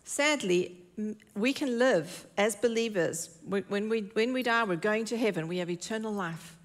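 A woman preaching from the pulpit at a middle pitch, earnest and emphatic. She leans on her key phrases and repeats them to drive each point home. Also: normal speed. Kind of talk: sermon. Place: church.

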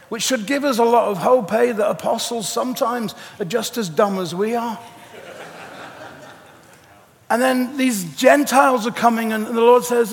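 A man preaching a sermon in an animated storytelling way, with jokey asides. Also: very high voice, vocal fry. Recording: echoey hall reverb.

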